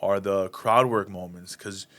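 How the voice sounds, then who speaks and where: A man's voice: deep voice, measured pace. A man in his thirties, a stand-up comedian, telling anecdotes in a casual interview and acting out the people in them. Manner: animated, acts out voices in anecdotes.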